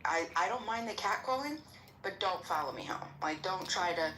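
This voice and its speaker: A woman in a casual chat with a lively voice that rises and falls. Her tone is bright, and the sound is roomy with faint noise. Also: fairly low pitch, normal speed. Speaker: participant in a social audio chat room. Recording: echoey room with faint noise.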